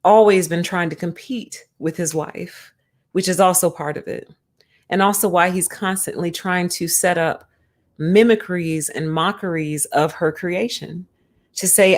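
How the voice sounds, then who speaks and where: Brief: lower-voiced woman, emphatic streamer talking casually about faith. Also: steady tone, measured pace. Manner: emphatic and conversational. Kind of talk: casual spiritual commentary.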